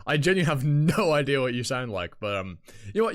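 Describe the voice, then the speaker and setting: A man's voice: mid-range voice, big pitch swings, fast talker. A young man chatting casually on a live reaction stream, rambling and swearing freely. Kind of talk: live reaction stream, reading a webtoon aloud.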